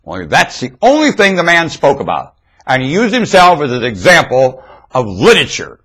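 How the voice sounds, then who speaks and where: A man speaking emphatically in a preachy monologue into a webcam microphone, swinging between loud declarations and hushed lines. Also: mid-range voice, huge pitch swings, normal speed, slightly rough, rough recording. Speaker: webcam commentator.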